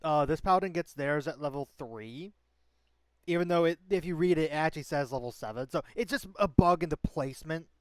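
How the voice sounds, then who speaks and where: Man, stream host, casual chat, rambling, slightly high voice, dry close sound. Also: a little fast, clean tone, dry recording. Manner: rambling, full of fillers and restarts. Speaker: stream host and game master.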